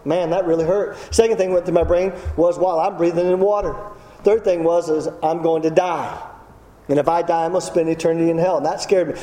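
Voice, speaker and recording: A middle-aged man with a drawl rattles through a humorous testimony sermon at a rapid clip. His voice sits high but sounds mellow. The sound rings with a long hall echo. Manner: humorous storyteller, self-deprecating. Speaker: preacher. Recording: echoey hall.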